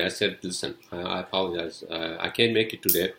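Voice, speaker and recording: Low-voiced man rambling on his podcast. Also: steady tone, quick pace, pushed and bright, reverberant, rough recording. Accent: non-native accent, unnamed. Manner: rambling, swears a lot, constant "you know". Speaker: podcast host. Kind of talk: casual solo podcast chat.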